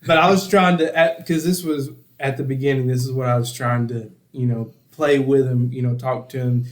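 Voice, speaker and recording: A man's voice: mid-range voice, steady tone, normal speed. A young man casually telling a story on a podcast, laughing a lot and acting out other people's lines. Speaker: podcast co-host.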